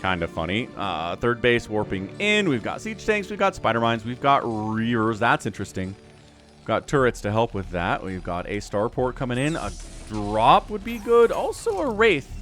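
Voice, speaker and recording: A man giving casual esports commentary as caster, chatty and rambling, getting excitable at the action. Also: medium pitch, moderate pace, soft background music. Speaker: game caster.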